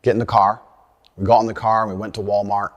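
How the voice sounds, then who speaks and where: Man telling his life story, lowish voice. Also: level tone, muffled recording. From United States. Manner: measured, earnest storytelling. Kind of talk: self-told life story in a video. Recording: long hall reverb.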